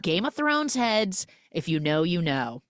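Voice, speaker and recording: A woman hosting a podcast, retelling a film's plot in a lively, animated way. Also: lowish voice, measured pace, dry recording, studio quality. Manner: animated storytelling, acts out quoted lines. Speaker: podcast host. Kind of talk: casual movie recap.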